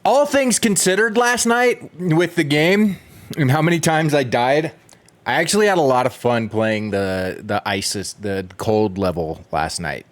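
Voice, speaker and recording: A man's voice: medium pitch, measured pace. A man chatting casually with viewers while he streams a video game, rambling and chuckling as he goes. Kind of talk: casual gameplay chat.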